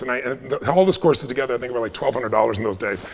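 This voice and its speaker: A man in his fifties telling an animated personal story at a live training, intense and hyped, laughing as he goes. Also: mid-range voice, very fast. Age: 50s. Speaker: guest speaker at a live online training.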